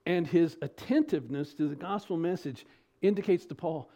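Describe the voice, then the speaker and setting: A man preaching an expository sermon as pastor, asking rhetorical questions, his pitch and loudness rising and falling. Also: normal speed.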